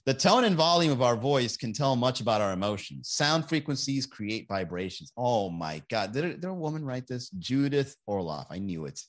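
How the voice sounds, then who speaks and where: Animated sarcastic male comedian podcaster. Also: medium pitch, moderate pace, few pauses. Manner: profane, sarcastic, laughing at his own jokes. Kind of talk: casual live podcast chat reading viewer comments.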